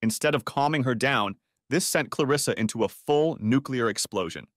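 A man narrating a story in the first person, with an animated, scripted delivery. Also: medium pitch, normal speed, hardly any pauses, no echo, studio quality.

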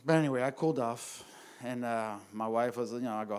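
A male pastor telling a story in a casual, animated way to a men's group at church, talking straight to his listeners. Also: medium pitch, a little fast, clear, resonant tone. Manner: animated, conversational, addresses the audience directly. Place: church gathering room.

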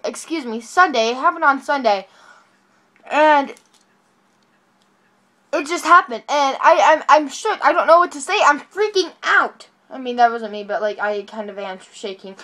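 A woman vlogging casually from her bed at home into a phone, talking excitedly and rambling, correcting herself as she goes. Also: sits high. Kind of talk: casual vlog talking to camera. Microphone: phone camera.

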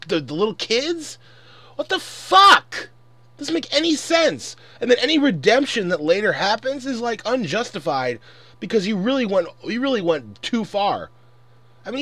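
A man's voice: high-pitched, no echo. A man in his twenties ranting angrily and profanely in a casual commentary. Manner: angry, profane, exasperated. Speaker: vlogger.

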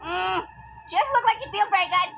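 A gaming YouTuber giving goofy, joking let's play commentary with squealing excited outbursts. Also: very high-pitched, fast talker, vocal fry, background noise. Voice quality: goofy and jokey.

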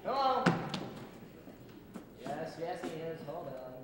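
A teenage boy in a school play, acting a flustered middle-aged man who keeps answering the phone in a hushed voice. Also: on the high side, sing-song, slow. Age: teens. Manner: exasperated, then hushed on the phone. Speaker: student actor in a school play. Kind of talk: amateur stage acting. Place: large school auditorium stage. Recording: echoey school auditorium from far off, noisy.

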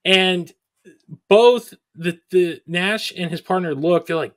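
A man hosting a podcast, recapping a film in a casual, sarcastic, animated way. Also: sits high, slow pace. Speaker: podcast host.

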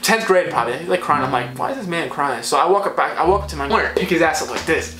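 A young man telling a storytime vlog story in a rambling, animated way, full of fillers. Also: a little high, rapid-fire. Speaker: vlogger. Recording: echoey room, faint music.

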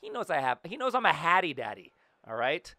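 A man giving excited, playful play-by-play of his own gameplay as host of his gaming channel, with sudden shouts. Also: fairly high pitch, fairly quick, dry recording.

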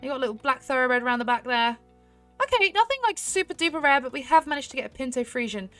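A young woman chatting excitedly to her viewers while she plays a horse game, giggling often. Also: high-pitched, racing, faint music behind. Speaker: gaming YouTuber. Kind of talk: casual gameplay commentary.

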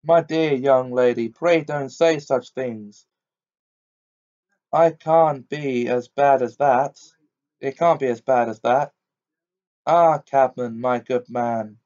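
A man reading aloud voices a fussy, frightened elderly gentleman who babbles and pleads. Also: medium pitch, slow pace, close to an everyday voice. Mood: pleading. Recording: dull lo-fi recording.

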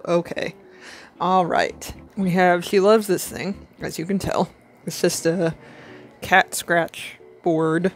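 A woman's voice: on the low side, steady tone, slow, a little hiss or hum. A woman vlogging casually, cooing at and playfully scolding her pet rabbit, laughing often.

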